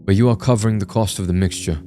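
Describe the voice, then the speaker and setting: A man voicing a menacing creature gang leader in a low, threatening voice. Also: steady tone, very fast, mellow, faint music behind, natural voice.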